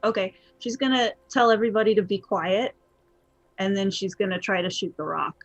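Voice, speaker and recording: A woman's voice: medium pitch, a little fast, dull audio, faint music behind. A woman playing a tabletop game, talking playfully and describing her character in the third person. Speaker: player. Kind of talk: casual tabletop game talk.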